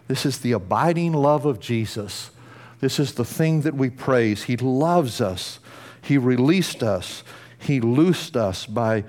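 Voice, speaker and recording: A male pastor delivering a sermon in a church. His pitch sits in a middle register but swings widely, climbing high when he presses a point and sinking quiet and slow on the tender lines. The delivery is emphatic and earnest. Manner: emphatic, rising to bursts of intensity then dropping low and slow.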